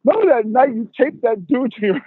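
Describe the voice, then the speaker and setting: A man putting on the voice of an excited, pushy male fan who keeps repeating himself, heard over a tinny phone line. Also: extremely high pitch, fast talker, slightly rough, dry recording, pitched above the performer's own voice, heavily acted.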